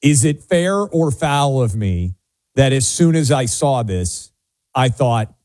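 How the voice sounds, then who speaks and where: Talk radio guy from nashville, mellow low voice, dry studio sound, wry and opinionated, cracking jokes at himself. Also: animated, a little slow, no echo. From Nashville, USA. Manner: wry, opinionated, self-mocking. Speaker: radio talk show co-host. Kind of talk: casual talk radio banter.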